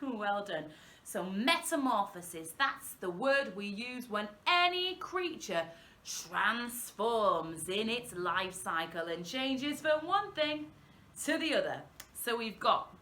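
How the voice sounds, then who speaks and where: A young woman with a high-leaning voice leads an interactive singalong lesson for young children as a primary school workshop presenter. She's animated and encouraging, drawing out her words, and the sound is reverberant.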